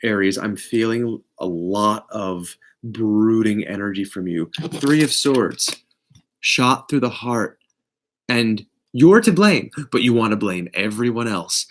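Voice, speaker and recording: A man giving a casual live tarot reading, blunt and profane, with big swings in pitch and loudness. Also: animated, slow pace, slight background noise. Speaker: tarot reader.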